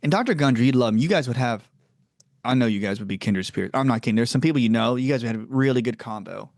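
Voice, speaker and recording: A man from the American South hosting a podcast, chatting in a rambling, animated way and laughing often. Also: quick pace, dry recording, clean studio sound. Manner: animated, rambling, laughs often, jumps up in pitch when telling stories. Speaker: podcast host. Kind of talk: casual chat.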